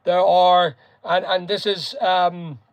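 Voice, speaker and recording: A man's voice: high-pitched, level tone, takes it slowly, no room sound. A man from Northern Ireland with a Northern Irish accent, hosting a casual live chat, rambling and greeting viewers by name. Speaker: live stream host.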